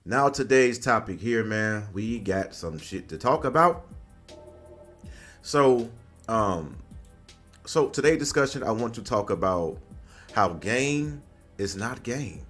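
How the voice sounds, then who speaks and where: A man's voice: lowish voice, lively intonation, slow, long pauses, a bit bright, faint music behind. A man hosting his channel, giving loose, slangy reaction commentary and laughing often. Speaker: channel host.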